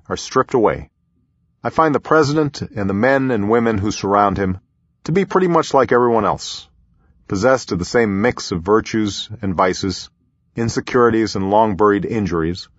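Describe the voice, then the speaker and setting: Low, husky, reflective male narrator. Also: no echo, muffled recording. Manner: measured, reflective, even storytelling. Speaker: narrator reading his own memoir. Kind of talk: audiobook memoir narration.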